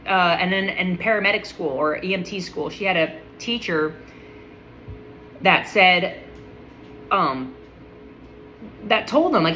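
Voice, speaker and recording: A woman's voice: lowish voice, slow pace, long pauses, sharp tone, a little hiss or hum, poor audio. A woman speaking in a casual, enthusiastic monologue, full of admiration and often restarting her sentences.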